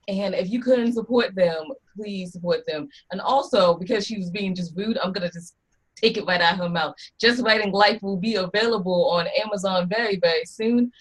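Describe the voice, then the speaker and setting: A woman co-host keeps a casual talk show moving at a brisk clip and teases her partners. Her voice is husky and slightly rough. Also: medium pitch. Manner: brisk and teasing.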